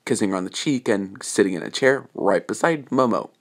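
A young man improvising a fan-fiction story aloud, rambling with many fillers and restarts, dropping into a slow, menacing tone for the hero's lines. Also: lowish voice.

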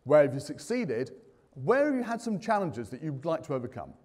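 A man's voice: a little high, fairly quick. A man hosting a live conference, chatty and jokey, putting questions to the audience. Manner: lively, jokey, quizzing the audience. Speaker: conference host. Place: large conference hall. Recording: reverberant hall.

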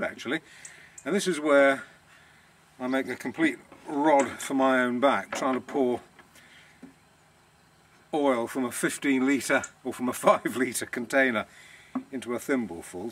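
A man's voice: medium pitch, normal speed, a bit bright, a little hiss or hum. A man, the owner of a villa rental business, chatting casually on a vlog in a self-deprecating, savouring way.

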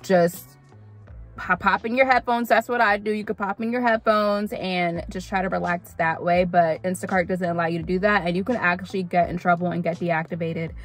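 A young adult woman vlogging gig-work tips, chatty and animated, repeating lines for emphasis and calling viewers honey. Light music plays behind her. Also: on the low side, normal speed. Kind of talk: casual tips vlog talking to camera.

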